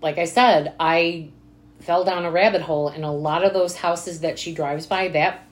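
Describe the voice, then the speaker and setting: A woman with a fairly low voice chats casually about a movie with her co-hosts. She fills in plot details and adds her own asides in a relaxed way. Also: moderate pace. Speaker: podcast co-host. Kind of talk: casual movie recap chat.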